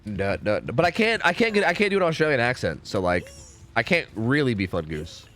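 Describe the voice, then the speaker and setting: A man's voice: medium pitch, big pitch swings, a little fast, fairly bright tone, a little hiss or hum. A young American man chatting casually and profanely while streaming a game, reading chat aloud.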